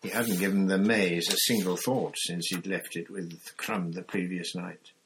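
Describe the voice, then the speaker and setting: A man narrating a novel aloud in steady, scripted storytelling. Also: deep voice, measured pace, slightly rough, poor audio. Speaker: audiobook narrator.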